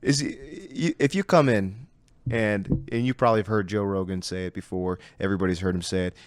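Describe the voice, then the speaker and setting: A man's voice: low voice, a little fast, no echo. A man who coaches martial arts, giving blunt, emphatic warnings in a casual conversation.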